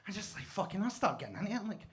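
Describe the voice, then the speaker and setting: A man's voice: high voice, big pitch swings, rapid-fire, fairly bright tone, husky. A Scottish man doing a stand-up set in a basement comedy club, telling stories with mock-pompous wordplay into a stage mic. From Scotland.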